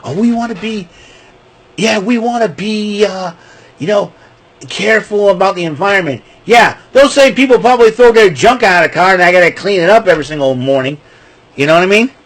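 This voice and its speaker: A man's voice: high-pitched, fairly quick, low-quality recording. A man talking casually to camera in a rambling, jokey monologue, ranting and laughing at himself. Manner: excitable, jokey, rants then laughs. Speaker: vlogger.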